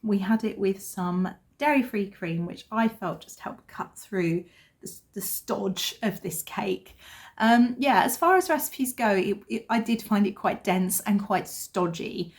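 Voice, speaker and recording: A woman's voice: medium pitch, unhurried. A woman in her thirties, a vlogger chatting casually and telling a family story with self-deprecating humour. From England. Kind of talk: casual chat.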